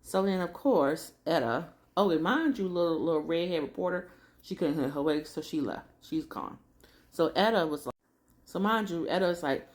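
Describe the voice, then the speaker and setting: A woman's voice: low voice, moderate pace. A woman chatting through a casual, slangy recap of a TV drama episode. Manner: chatty slangy storytelling, acts out characters.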